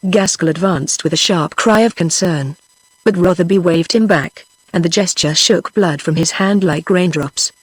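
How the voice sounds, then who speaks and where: A text-to-speech voice of a woman with a British English accent, narrating a historical novel in an even, steady way. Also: on the low side, moderate pace, slightly rough, dry recording, low-quality recording. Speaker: audiobook narrator. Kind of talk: synthetic audiobook narration.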